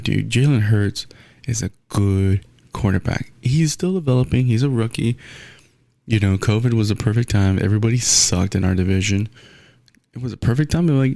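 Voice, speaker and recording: A young man hosts his own podcast and rants in a casual, blunt, profane way. His voice sits fairly low and has a gravelly edge. The sound is close and dry, with little room around it. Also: brisk, no echo. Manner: blunt, profane, animated ranting. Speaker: podcast host. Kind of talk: casual solo sports rant.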